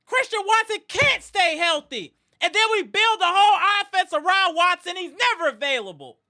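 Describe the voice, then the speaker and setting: A woman's voice: very high-pitched, expressive, normal speed, sharp tone. A woman hosting a live sports reaction stream, ranting in anger and frustration with repeated outbursts. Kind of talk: live fan reaction rant.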